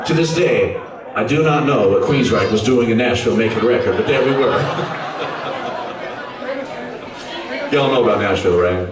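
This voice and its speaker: A rock singer telling a story to his audience between songs, with dramatic pauses and teasing asides to the crowd. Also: mid-range voice, lively intonation. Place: concert club stage. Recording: echoey club from far, loud crowd.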